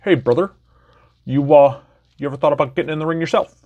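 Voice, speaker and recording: Man putting on a folksy wrestling ref, friendly, pitched up higher than his own voice. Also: fast talker, muffled recording, lightly acted. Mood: inviting. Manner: folksy, calls people brother.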